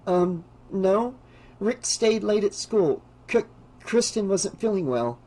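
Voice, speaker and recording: A man's voice: high voice, expressive, slow pace, mellow, voice pushed up, heavily acted. A man voicing a shy, hesitant teenage girl in an audiobook, with a timid, stammering way of talking.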